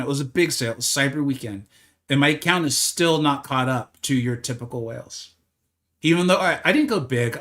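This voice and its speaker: A man's voice: mid-range voice, a bit bright. A man streaming a video game live, chatting casually and answering viewers' comments as he plays. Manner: chatty, answers viewer chat, frequent restarts. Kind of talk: casual livestream chat while playing.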